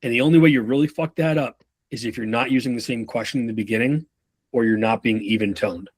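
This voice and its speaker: A man leading a casual sales leadership training session over a video call, talking in an animated, profane way and acting out his examples. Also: medium pitch, fast, husky, no room sound.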